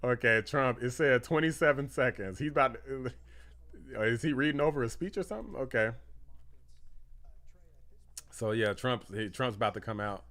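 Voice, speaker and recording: This is a man running a political livestream who reacts out loud to news and posts. His voice is bright and pushed forward, and he laughs easily. He wanders through his thoughts with fillers and restarts. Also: medium pitch, moderate pace, long pauses. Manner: excitable, laughing, reads posts aloud. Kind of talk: live reaction commentary.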